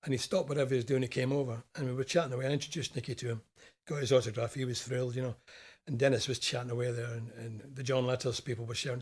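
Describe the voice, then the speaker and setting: A man's voice: medium pitch, fairly even intonation, rapid-fire. An older man from Scotland, a former footballer, recalling stories in an easygoing, chatty way as a podcast guest. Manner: easygoing, anecdotal recollection. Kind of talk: casual interview chat.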